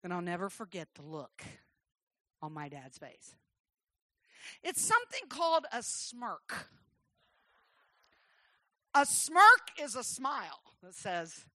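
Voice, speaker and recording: A high, bright-voiced woman preaching a sermon in a close, dry recording. She moves between quiet, intimate storytelling and fervent, shouted calls to her listeners. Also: expressive, slow, pauses often, no echo.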